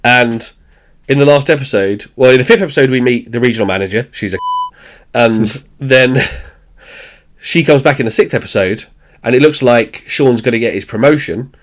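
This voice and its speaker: A man retells a sitcom episode in casual podcast chat. His voice sits at a middling pitch, and he swears freely, laughs often and acts out the characters as he goes. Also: normal speed, a little hiss or hum. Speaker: podcast host. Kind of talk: casual chat recapping a show.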